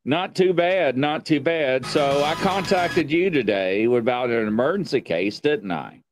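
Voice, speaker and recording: A man with a Southern US accent hosting a talk show, chatty and lively. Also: medium pitch, measured pace, noisy background. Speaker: host.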